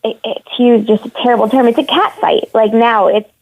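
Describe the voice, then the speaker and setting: A woman who reports on women's hockey calls in to a phone-in discussion over a tinny line with no echo. Her voice is on the high side, steady and brisk, and she speaks frankly, sounding annoyed and opinionated with open frustration.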